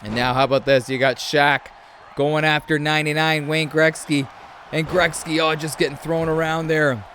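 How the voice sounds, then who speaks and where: A man with a slightly higher voice commentates a video game match in a chatty, storytelling way. He breaks into animated shouts now and then. A faint room noise sits under the voice. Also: normal speed. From Canada. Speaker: host.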